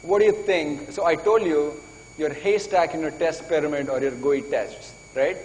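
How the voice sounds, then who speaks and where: A man with a slightly high, darkish voice gives a live talk at a moderate pace in a conference hall. Eager and urging, he calls on listeners to applaud, and the recording picks up the hall's reverb along with faint noise.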